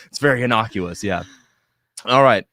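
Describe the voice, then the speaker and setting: A man's voice: mid-range voice, huge pitch swings, a little slow, sharp tone, no echo, studio quality. A man hosting a podcast, casually chatting and reading live comments with a joking, laughing manner. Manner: jokey, laughs often. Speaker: podcast host.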